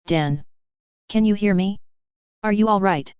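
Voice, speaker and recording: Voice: mid-range voice, unhurried, smooth, no echo, close to an everyday voice. A reader voicing a woman, a fierce young wife calling urgently to her husband, on a slightly dull recording.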